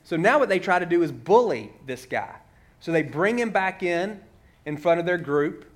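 A man's voice: high-pitched, lively intonation, normal speed. A man preaching a sermon in a conversational way, walking through a story and asking many rhetorical questions.

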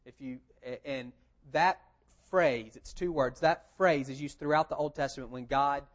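A man preaching a sermon, telling the story in a lively conversational way and asking rhetorical questions. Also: mid-range voice, moderate pace. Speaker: pastor. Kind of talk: expository sermon.

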